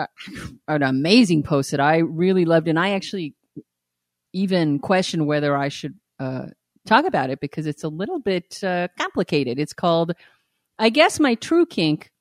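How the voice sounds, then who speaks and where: Blunt, low-voiced woman podcast host. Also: expressive, normal speed, no room sound, clean studio sound. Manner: frank and blunt, with frequent laughter. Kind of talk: casual candid podcast chat.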